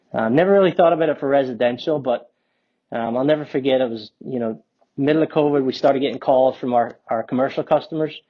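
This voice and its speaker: A man in his forties from Northern Ireland with a Northern Irish accent, a company co-founder telling his story as a podcast guest in a relaxed, rambling way. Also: medium pitch, dull audio. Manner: relaxed, rambling, many ums and restarts. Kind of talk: casual storytelling interview.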